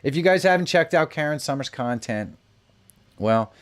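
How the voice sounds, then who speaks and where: A middle-aged man hosts a live show, chatting casually as he reads and reacts to comments, laughing often. His fairly high voice is animated and moves at normal speed.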